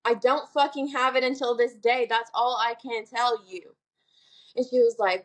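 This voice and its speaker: A young woman with a fairly high voice vents on a casual podcast. She tells her story hotly and bluntly, with a lot of profanity. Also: steady tone, normal speed. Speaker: podcast co-host.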